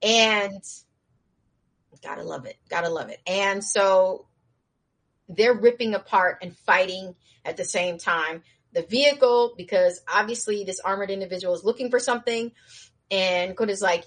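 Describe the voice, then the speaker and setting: A woman casually recapping a show's plot as an animated storyteller, with slangy asides to her viewers. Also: mid-range voice, a little slow. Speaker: show recap host.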